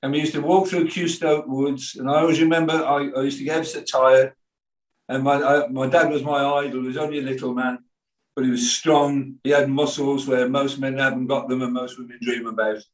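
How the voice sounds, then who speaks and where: A man's voice: mid-range voice, flat delivery, brisk. An older man from England with a Birmingham accent, preaching a sermon as pastor, telling stories with quoted voices and asides. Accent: Birmingham English. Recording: echoey room from far off.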